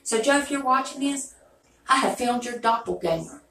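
A woman talks in a gravelly, creaky voice, chatting folksily to her viewers in a loose, rambling vlog. She sits back from the mic in a roomy, echoey space. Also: on the high side, lively intonation, normal speed, a bit bright, recorded from a distance. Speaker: beauty YouTuber. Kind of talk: rambling casual vlog chat.

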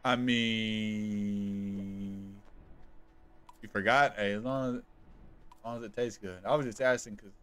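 A man's voice: mid-range voice, steady tone, quick pace, sharp tone, soft background music. Profane, chatty man live-streaming a game. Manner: loose and profane, greeting viewers by nickname. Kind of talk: casual live-stream chat while gaming.

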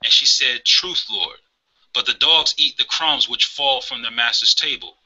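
Bright-voiced man reading scripture. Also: mid-range voice, a little slow, breathy edge. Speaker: scripture reader. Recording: dull lo-fi remote mic.

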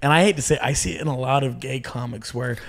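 A man's voice: medium pitch, fast talker, vocal fry. A man who is a comedian, chatting casually as a podcast guest, telling stories animatedly, acting out quotes, and swearing often.

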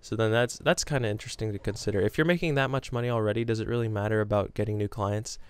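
A gaming vlogger, a young man with a lowish, resonant voice, talks fast and clearly to his camera in front of a green screen, and the recording is dry. He chats casually, rambling through self-deprecating stories about work and games.

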